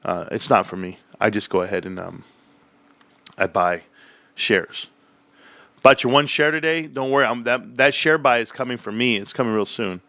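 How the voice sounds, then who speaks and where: A man's voice: mid-range voice, lively intonation, moderate pace, pushed and bright, no room sound. A man hosting a live stream, reading chat and ranting in a sarcastic, heated, emphatic way. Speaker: livestream host reading chat. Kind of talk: live-stream rant about stocks.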